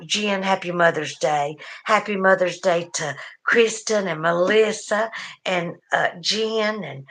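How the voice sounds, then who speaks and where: A middle-aged woman with a Southern US accent hosting a casual livestream, chatting warmly with viewers and laughing often. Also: fairly low pitch. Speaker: livestream host.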